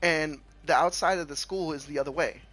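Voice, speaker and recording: A man streamer telling a story casually, animated and laughing, with lots of restarts. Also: fairly high pitch, fairly quick, husky, faint music behind.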